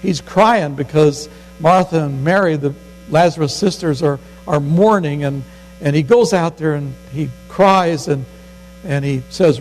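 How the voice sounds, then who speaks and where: A man's voice: expressive, moderate pace, poor audio. An older man, a grandfather, preaching a sermon in a folksy way, acting out the scripture quotes. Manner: folksy, acts out quotes with rising pitch. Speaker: pastor.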